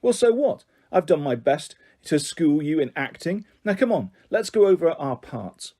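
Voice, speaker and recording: A man's voice: on the high side, very animated, moderate pace, dark tone. A man reading aloud, voicing a pushy, relentless young girl who bosses her twin sister. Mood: bossy. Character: bossy determined girl twin Ruby.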